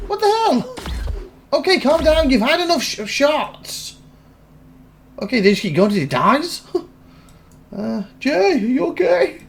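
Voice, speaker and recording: A man giving casual, excitable commentary while he plays a video game, often laughing and shouting at his wins and losses. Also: extremely high pitch, creaky, slight background noise. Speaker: gaming YouTuber.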